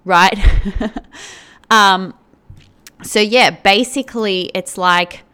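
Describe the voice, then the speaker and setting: A woman's voice: medium pitch, takes it slowly, pauses often, bright, forceful tone, clean tone. A woman hosting a podcast, talking in a casual, rambling way, full of "like"s and restarts. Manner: rambling, filler-heavy, with many "like"s and restarts. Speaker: podcast host.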